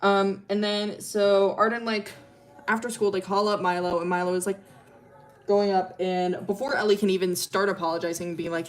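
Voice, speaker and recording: A woman's voice: medium pitch, fairly even intonation, moderate pace. A young woman streamer casually telling a rambling story, full of fillers and laughter.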